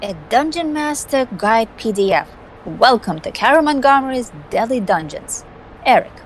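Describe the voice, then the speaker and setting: A woman's voice: a little high, very animated, normal speed, slight background noise, rough recording. A woman voicing a scheming, tech-savvy young woman with a wry, offhand delivery, in a fan voice acting of a game.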